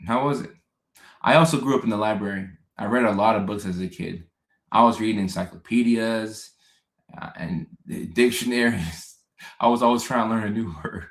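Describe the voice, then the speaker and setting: A man's voice: fairly low pitch, normal speed. Laid-back man chatting in an echoey room. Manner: chatty and laid-back, laughing often, repeating phrases. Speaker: host. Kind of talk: casual livestream chat reading viewer comments. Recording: roomy echo.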